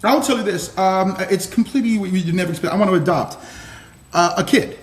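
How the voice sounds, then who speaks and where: Man, high voice, animated storyteller, casual swearing, echoey room. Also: a little fast. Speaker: guest, former Marine officer. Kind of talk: casual interview. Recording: roomy echo.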